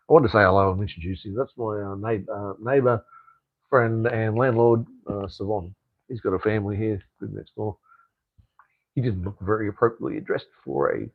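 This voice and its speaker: A man's voice: lowish voice, creaky, a little mellow. An Australian man rambles through a casual live stream, answering viewer comments as they come in. He swears freely and fills his talk with fillers and restarts. His voice sounds dry and close, with almost no room echo. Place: home in Cambodia.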